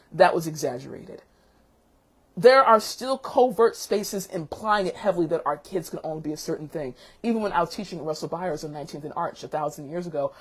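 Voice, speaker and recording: A woman teacher hosting a casual chat vlog, an animated storyteller who calls people baby and sweetheart. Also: lowish voice, husky. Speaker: teacher and show host.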